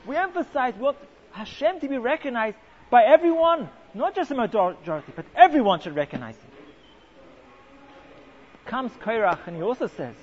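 A man's voice: very high-pitched, very animated, normal speed. A man teaching a Torah class as a rabbi, asking rhetorical questions and dropping sarcastic asides. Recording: muffled lo-fi recording with faint hiss.

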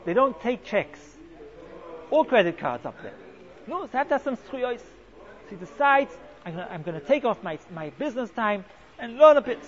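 A man giving an animated Torah talk full of Hebrew and Yiddish terms, telling a story and acting out its quotes. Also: extremely high pitch, normal speed. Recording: dull lo-fi sound.

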